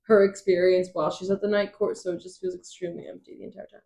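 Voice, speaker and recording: A woman's voice: medium pitch, fairly even intonation, fast, creaky, warm tone. A young woman co-hosting a book podcast, laying out her points step by step in casual chat. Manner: analytical, lays points out step by step. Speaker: podcast co-host. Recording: echoey room.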